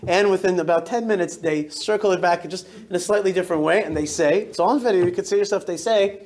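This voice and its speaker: A rabbi addresses a synagogue crowd in a fairly high voice. His storytelling is emphatic and lively, with sentences that stop and restart. He speaks to the room as he would at a live talk. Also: fast talker, hardly any pauses. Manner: animated, emphatic storytelling with frequent self-interruptions. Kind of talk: speech to a synagogue audience. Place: synagogue hall.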